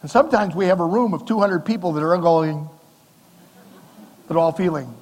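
A middle-aged pastor preaches in a conversational way, asking the congregation questions and moving between quiet, low moments and emphatic lines. His voice sits a little high for a man. A long church reverb trails after his words. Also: a little fast. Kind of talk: sermon. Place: church sanctuary.

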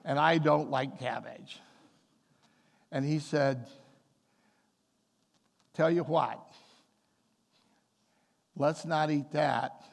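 A man with a high, gravelly voice preaches a sermon in a church. He moves between homely storytelling and emphatic, building appeals to the congregation. His voice rings out with a long hall reverb behind it. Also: steady tone, very slow, pauses often. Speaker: pastor.

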